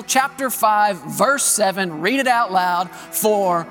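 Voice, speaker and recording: A man preaching a sermon, telling family stories and reading scripture with drawn-out emphasis. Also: sits high, a bit bright, faint music behind. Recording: long echo of a large hall.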